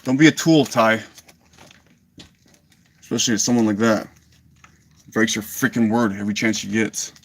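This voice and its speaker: Agitated man with a low voice, swearing. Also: moderate pace, pauses often, a little hiss or hum. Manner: agitated, swearing, apologizing to viewers. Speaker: livestreamer teaching a paid online class. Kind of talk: live-stream talk to viewers.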